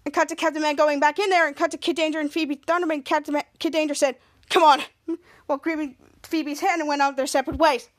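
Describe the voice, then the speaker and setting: A woman hosting a podcast, recapping a TV episode in a halting way, often restarting and repeating herself. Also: sits high, steady tone. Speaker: podcast host.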